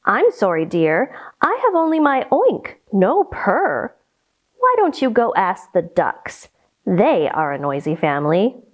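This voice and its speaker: A woman's voice: mid-range voice, very animated, takes it slowly, muffled recording, pitched below the performer's own voice. A woman voicing a kind, motherly pig in a children's storybook reading. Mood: gentle.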